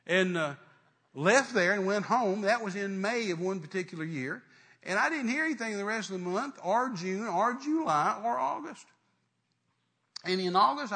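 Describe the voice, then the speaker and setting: A man's voice: high voice, pushed and bright, breathy edge. A middle-aged male preacher telling a story in a sermon, fervent and full of restarts and trailing "and, uh" fillers.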